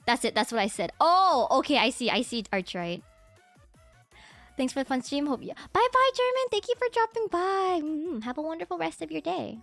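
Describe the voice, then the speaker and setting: A woman's voice: sits high, sing-song, normal speed, creaky, a bit bright. A young woman streaming, chatting casually, giggling a lot and mimicking her parents' exclamations. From United States. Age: young adult. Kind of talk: casual chat. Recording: faint music behind.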